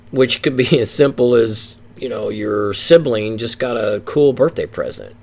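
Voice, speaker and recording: An earnest man at an average pitch teaching a presentation on addiction recovery. He explains patiently and often restarts his phrases. Now and then he acts out the inner thoughts he is describing. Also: animated, unhurried, vocal fry, hardly any pauses, darkish tone.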